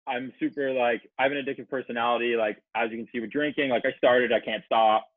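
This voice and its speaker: A man's voice: mid-range voice, steady tone, quick pace, no room sound. Profane storytelling man on a tinny line. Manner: profane, rambling anecdote with acted-out quotes. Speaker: podcast guest. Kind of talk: casual storytelling chat. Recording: dry, phone-like narrow sound.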